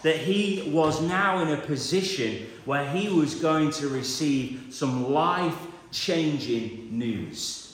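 A man, preaching a lively sermon and acting out the voices in the story. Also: a little high, a little hiss or hum. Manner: animated, acts out voices, builds repetition. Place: church. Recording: echoey church hall.

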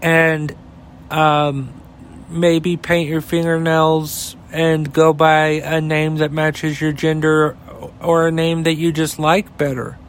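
A man's voice: fairly high pitch, monotone, slow pace, slight background noise. A man, hosting a heated, profane opinion rant that rambles. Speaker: podcast host.

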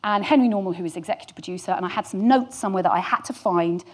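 A woman's voice: mid-range voice, very fast, a little mellow. A woman candidly telling a work anecdote to an audience, with some swearing and self-deprecating humour. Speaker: storyteller guest.

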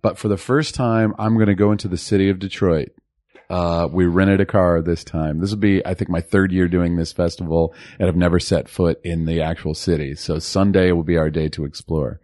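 A man's voice: low voice, steady tone, a little fast, warm tone, no room sound, clean studio sound. A man co-hosting a casual movie podcast, rambling a little with fillers and restarts. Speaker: podcast co-host.

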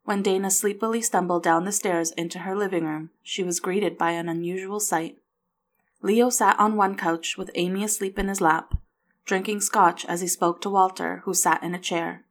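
Soft-spoken woman reading a story. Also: on the low side, steady tone, normal speed. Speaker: audiobook narrator. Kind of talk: scripted narration.

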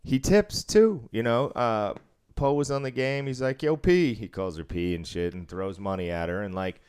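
A man's voice: on the low side, normal speed, darkish tone, smooth. A man who deals craps, telling a casual, profanity-laced story about work and laughing as he goes. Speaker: casino craps dealer.

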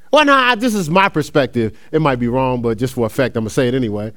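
Speaking fast with few pauses, this middle-aged man from New Jersey has a mid-range, expressive, slightly bright voice. His sermon unfolds as an easygoing string of personal stories, with frequent laughter and lots of y'all aimed at the crowd.

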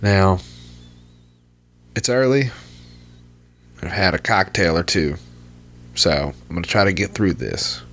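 A man's voice: sits low, lively intonation, slow pace, long pauses, fairly bright tone, faint music behind. A man hosting a podcast, chatting casually in a rambling, profane, laid-back way. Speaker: podcast host.

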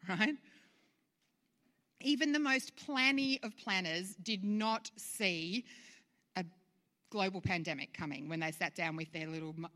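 Bright-voiced woman preaching. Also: mid-range voice, big-room sound. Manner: conversational, rhetorical questions, light laughs. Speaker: pastor. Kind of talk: sermon.

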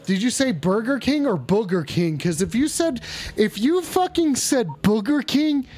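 A man's voice: very high-pitched, very animated, unhurried, darkish tone, soft background music. A man hosting a mock call-in show, talking in a brash, profane, mocking way. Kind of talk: crude comedic streaming banter.

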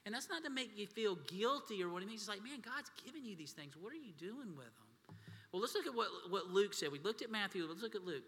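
Preaching fast in a high, fairly bright voice with big pitch swings, this pastor shares folksy stories and calls the congregation "y'all." His sermon rings with long hall reverb.

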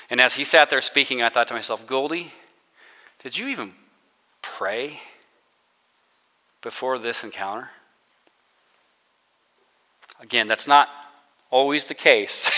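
A man giving a conversational sermon to students, joking and self-deprecating as he acts out quotes with gentle sarcasm. His voice is very bright and forward. Long reverb from a large hall trails behind his words. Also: mid-range voice, smooth. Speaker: director of spiritual formation, chapel speaker.

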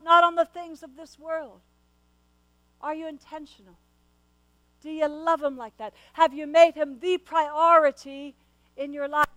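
Very high-voiced woman preaching earnestly. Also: bright, forceful tone, dry recording, poor audio. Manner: earnest, questioning, frequent stammered restarts. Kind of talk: sermon.

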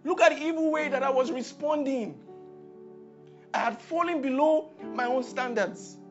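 A male preacher with a Nigerian accent delivers a sermon, dropping to near-hushed tones and then rising into forceful, emphatic climaxes. His medium-pitched voice comes through a dull, muffled recording, with soft music faint underneath. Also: moderate pace.

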